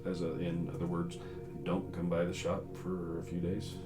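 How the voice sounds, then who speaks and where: A man narrating as game master in a relaxed, rambling way with many filler sounds. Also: deep voice, normal speed, loud music behind the voice.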